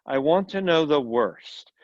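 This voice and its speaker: A man reading the part of a quiet, composed foreign woman who is tall and pale, in a story reading. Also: on the high side, expressive, unhurried, no echo. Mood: cold. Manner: quiet, composed, then intense. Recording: dull lo-fi recording.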